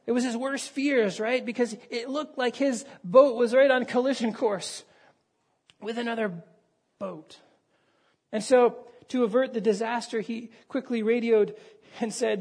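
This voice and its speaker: A man's voice: high-pitched, darkish tone. A male pastor delivering a sermon, telling a story with acted dialogue and raising his voice for emphasis.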